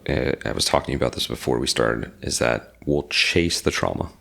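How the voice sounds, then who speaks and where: A man in his forties with a very deep, gravelly voice, talking as a guest in a casual interview. He tells his story with energy and acts out what other people said. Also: normal speed. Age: 40s. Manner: animated storyteller acting out quoted dialogue. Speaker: podcast guest. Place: lives in Reno.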